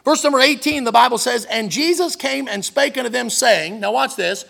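A man's voice: very high-pitched, moderate pace, gravelly, hardly any pauses, pushed and bright. A man preaching an evening sermon, reading scripture in old-fashioned wording and stressing key words with emphatic rises. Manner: emphatic, rises on quoted verses.

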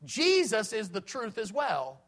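A man preaching an evening sermon, earnest and repetitive, slowing right down when he quotes scripture. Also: sits high, huge pitch swings, fairly bright tone.

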